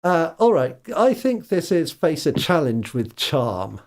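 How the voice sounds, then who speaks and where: Slow, high-voiced male game master. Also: sing-song, darkish tone. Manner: unhurried, hesitant, laughs often. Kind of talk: narrating a tabletop game.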